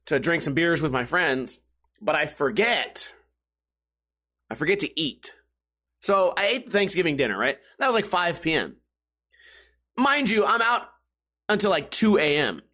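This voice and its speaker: Profane, rambling podcast guy, slightly high. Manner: animated, jumpy delivery. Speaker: podcast host. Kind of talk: casual comedic monologue.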